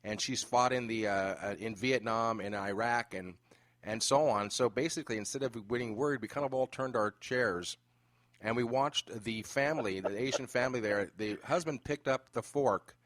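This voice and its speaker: A man hosting a podcast interview, telling an animated story with many fillers. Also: medium pitch, moderate pace, no echo. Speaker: podcast host. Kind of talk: casual interview chat.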